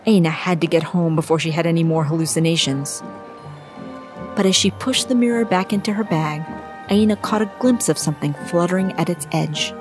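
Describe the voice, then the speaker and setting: A woman reading her own story aloud in an expressive storybook narration. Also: on the low side, brisk, over music. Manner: expressive, varies voices for characters.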